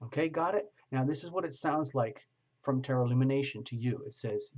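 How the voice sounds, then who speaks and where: A man giving a casual online tarot reading, gently coaxing the listener and slowing down to read passages aloud. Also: medium pitch. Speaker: tarot reader. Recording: slightly dull lo-fi audio.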